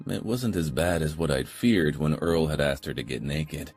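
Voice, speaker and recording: Very deep husky male audiobook narrator. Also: moderate pace, few pauses, a little mellow, faint music behind. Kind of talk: first-person audiobook narration.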